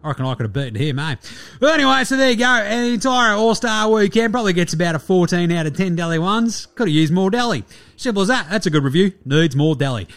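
A man voicing a brash, boastful, foul-mouthed male Australian basketballer in a comedic character bit, loud and crude. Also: high-pitched, animated, fast, voice pushed up.

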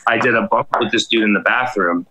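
A man's voice: fairly low pitch, a little fast, bright, forceful tone, a little hiss or hum, rough recording. A man casually telling a long, rambling, profane anecdote on a podcast, full of restarts and acted quotes. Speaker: guest storyteller.

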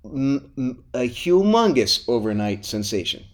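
A man in the host's chair of a casual history podcast, walking through events with animated, storytelling energy. He speaks at a middle pitch and keeps the tone playful and conversational. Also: a little slow. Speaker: podcast host.

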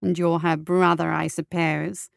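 A woman's voice: lowish voice, level tone, a little slow, creaky, no echo. A woman voicing a vain, pompous male guild officer in a storybook, speaking in a dry, haughty drawl.

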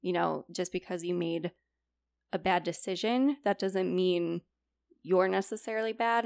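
A young woman with a lowish, gravelly voice talks casually as a podcast co-host. She retells stories by acting out who said what, leaning on "like" as a filler. The sound is close and dry. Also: darkish tone, dry recording. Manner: chatty, retells stories with quoted dialogue, many "like" fillers. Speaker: podcast co-host presenting a report. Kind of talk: casual chat.

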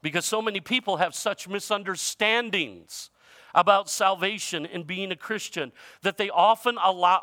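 A male pastor preaching a sermon in a conversational way, using informal grammar, his voice shifting from loud emphasis to quiet. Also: high-pitched, no room sound, clean studio sound.

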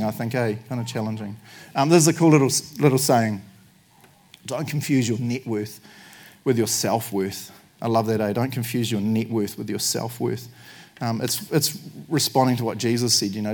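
Brief: New man, pastor mid-sermon, mid-pitched, jokey and animated. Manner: jokey, animated, laughs often.

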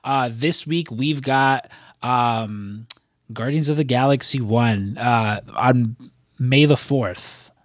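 A man co-hosting a casual podcast, rambling along with plenty of fillers and offhand swearing. His voice sits in an ordinary middle pitch. The sound is dry and close, with no room echo. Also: slow. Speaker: podcast co-host.

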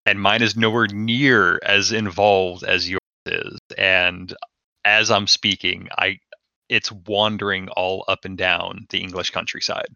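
A man hosting a casual podcast chat, relaxed and conversational, asking his co-player questions. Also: deep voice, a little slow, gravelly, no echo, lo-fi sound. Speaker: podcast host.

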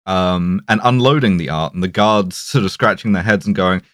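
A man's voice: deep voice, normal speed, a bit bright, no room sound, studio quality. A man co-hosting a casual film podcast, recapping scenes and dropping into playful put-on voices. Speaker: podcast co-host. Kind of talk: casual film-review chat.

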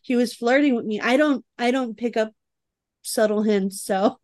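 A woman's voice: fairly high pitch, normal speed, a little mellow, dry recording, studio quality. A woman co-hosting a casual podcast chat, playful and giggly. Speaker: podcast co-host.

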